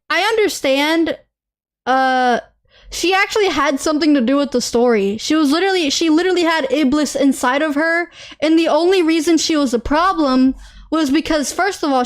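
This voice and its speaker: A young adult woman streamer in a casual live-stream rant, animated, repeating lines and apologizing between outbursts. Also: sits high, moderate pace. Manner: animated, ranting and repeating herself, with laughs and apologies.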